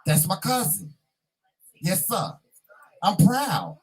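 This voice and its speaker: A man from North Carolina, chatting casually on his vlog as host, repeating himself and sounding proud and excited. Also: high voice, takes it slowly, slightly rough, low-quality recording.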